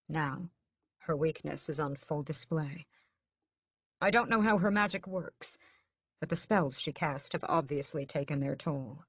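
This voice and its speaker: Woman audiobook narrator, lowish voice, dry close sound, steady dramatic read. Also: slightly rough, no echo. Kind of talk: first-person audiobook narration.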